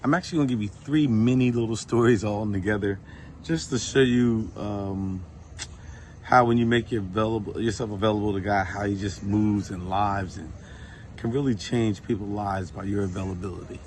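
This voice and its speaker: Casual, animated man telling stories. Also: lowish voice, normal speed, a little hiss or hum. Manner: informal, animated when retelling dialogue, many fillers. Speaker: Christian storyteller. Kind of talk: casual testimony to a phone camera.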